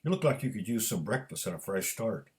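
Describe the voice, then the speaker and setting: A man's voice: fairly low pitch, sing-song, brisk. A man reading a story aloud, voicing an encouraging male hotel boss.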